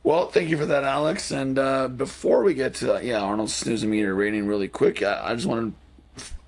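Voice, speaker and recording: A man's voice: medium pitch, a little fast, creaky. A man hosting a casual podcast, reading jokes from his notes and laughing at his own lines. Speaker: podcast host.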